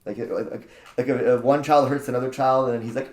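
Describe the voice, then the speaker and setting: A man casually telling a personal story, animated and acting out what people said, often repeating words. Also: mid-range voice, a little fast, roomy sound. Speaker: guest, jiu-jitsu practitioner.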